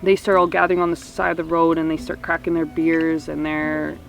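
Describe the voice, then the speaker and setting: Higher-voiced guy, pretty flat and a bit raspy, telling what went down in an interview. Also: fairly quick, background noise. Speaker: protester recounting events. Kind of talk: documentary interview recollection.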